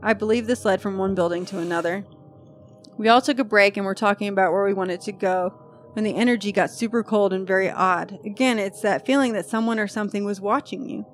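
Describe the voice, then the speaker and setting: A woman's voice: medium pitch, brisk, faint music behind. A woman hosting a podcast in casual chat, reading a post aloud with chatty, freely swearing asides. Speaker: podcast host.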